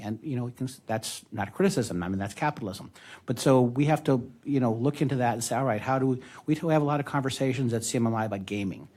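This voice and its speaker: A man's voice: mid-range voice, quick pace, a little mellow. A man speaks on a discussion panel in a mid-range voice. He explains his point patiently, leans on everyday examples and keeps a wry edge.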